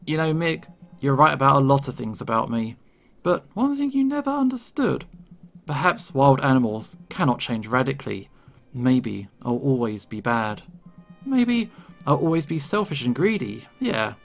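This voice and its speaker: A man's voice: medium pitch, very animated, normal speed, gravelly, soft background music. A man reading out the lines of a stubborn, greedy male café owner in a game, earnest and defiant. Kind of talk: reading game dialogue aloud.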